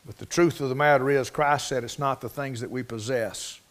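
A man's voice: medium pitch, steady tone, normal speed, a bit bright. A middle-aged man preaching a sermon in a folksy, storytelling way, with plain rural speech.

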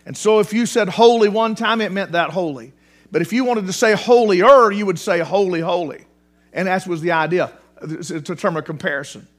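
A man preaching a sermon in a church, animated, repeating words for emphasis and restarting phrases often. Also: high voice, brisk. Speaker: pastor. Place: church sanctuary.

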